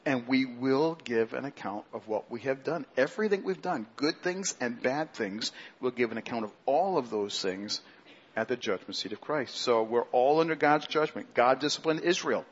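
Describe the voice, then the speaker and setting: Husky-voiced pastor preaching animatedly. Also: male voice, normal speed, dull audio. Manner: animated preaching, acts out grumblers in a mocking high voice. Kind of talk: sermon.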